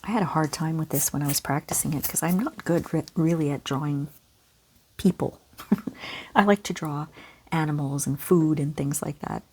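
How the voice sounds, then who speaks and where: A gentle, encouraging woman from Canada, talking kids through a step-by-step drawing lesson in a soft voice. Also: deep voice, moderate pace, husky. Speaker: children's art teacher.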